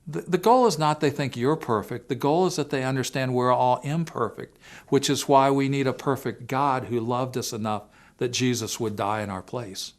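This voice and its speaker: A middle-aged man speaking at a family seminar, telling a childhood story with earnest, lively delivery and acting out the people he quotes. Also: medium pitch, normal speed. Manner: earnest storyteller who acts out quoted voices.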